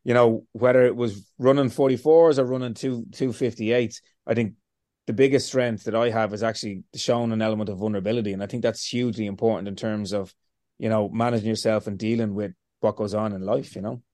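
A man being interviewed, telling lively stories, swearing freely and acting out what he said to himself. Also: lowish voice, a little fast, no room sound, studio quality. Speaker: interview guest. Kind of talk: casual storytelling.

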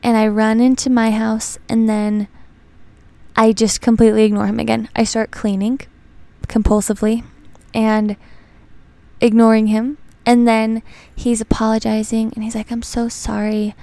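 A young woman hosting a podcast in casual chat, rambling happily through personal stories. Her voice sits a little high, with plenty of gravelly fry, yet stays smooth and clear. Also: flat delivery, normal speed, mellow, no echo. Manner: chatty, rambling storyteller. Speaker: podcast host.

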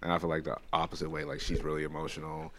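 A man's voice: very deep voice, flat delivery, very fast, a bit bright, a little hiss or hum. A man in casual chat, talking candidly and rambling, often correcting himself.

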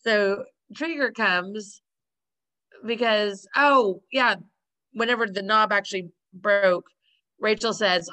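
A woman's voice: mid-range voice, fairly bright tone. A woman chatting casually, retelling a sitcom episode with frequent laughs and acted-out quotes. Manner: laughing often, acting out quotes.

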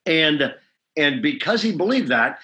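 A man's voice: fairly high pitch, big pitch swings, measured pace, sharp tone. A man speaking as a pastor in a leadership interview, emphatic and often checking in with "okay?". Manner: emphatic, punctuates points with "okay?".

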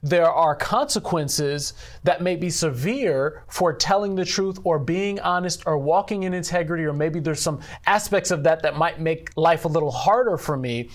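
A man who directs a church ministry, speaking earnestly in an interview about faith, measured and leaning on "you know.". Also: fairly high pitch.

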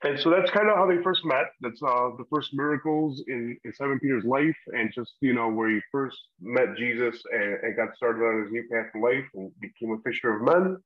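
A man's voice: medium pitch, brisk, hardly any pauses. Laid-back man leading Bible chat. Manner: relaxed, rambling, with frequent fillers and laughs. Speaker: podcast co-host leading a Bible discussion. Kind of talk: casual Bible study chat. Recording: slightly muffled lo-fi audio.

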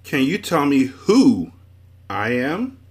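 A man's voice: medium pitch, big pitch swings, moderate pace, pitched above the performer's own voice, natural voice. A man voicing a confused storybook man who swings between extremes and exclaims in a raised voice. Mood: puzzled, boastful. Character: confused man, both everything and nothing.

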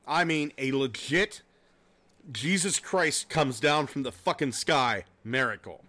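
Bright-voiced profane podcast host. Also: male voice, medium pitch, takes it slowly. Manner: profane, laughing, animated storytelling. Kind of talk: casual chat.

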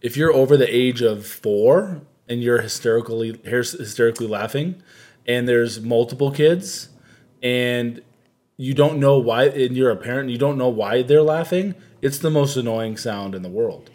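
A man's voice: medium pitch, moderate pace, darkish tone. A man co-hosting a casual podcast chat, grumbling dryly and picking at the exact meaning of words. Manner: dry, pedantic, grumbling. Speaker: podcast co-host.

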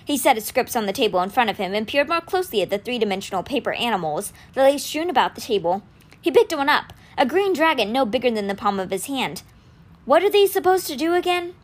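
Expressive woman reading a novel aloud. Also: a little high, fast. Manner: expressive storytelling. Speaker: audiobook reader.

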